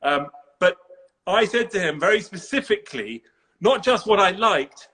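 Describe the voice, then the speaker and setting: An English man hosts a live video call with a high, bright voice. He chats casually, teases his guest and laughs easily, with a sharp ring to his tone. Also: lively intonation, moderate pace. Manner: playful, teasing, laughs often. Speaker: host. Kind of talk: casual live-stream chat.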